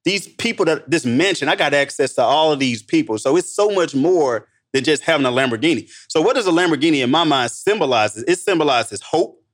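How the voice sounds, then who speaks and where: A man from Missouri telling stories in a casual podcast chat, emphatic and animated, acting out the dialogue. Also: on the high side, brisk, few pauses. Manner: animated, emphatic storyteller who acts out dialogue. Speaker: guest entrepreneur.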